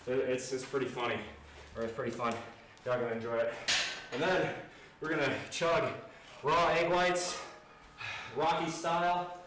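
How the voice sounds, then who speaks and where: A man's voice: mid-range voice, fairly even intonation, moderate pace, a bit bright. A man out of breath after a workout, chatting casually and jokingly to viewers of his livestream from his home garage gym. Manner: panting, chatty, jokey. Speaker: fitness vlogger. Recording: echoey garage, distant mic, noisy.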